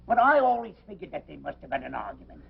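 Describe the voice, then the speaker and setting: An actor playing a blustering, cantankerous old pub landlord, gruff and theatrical, with a raspy voice on a dull old film soundtrack. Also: male voice, on the high side, wildly swooping pitch, fast talker, full character voice. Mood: chatty. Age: older. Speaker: pub owner.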